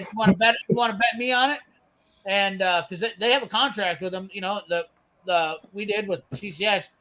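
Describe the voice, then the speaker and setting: A brash man with a high, bright voice, swearing freely as he spins a story. He acts out the other people's lines while he tells it, in loose, casual chat. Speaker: storyteller on a live garage show.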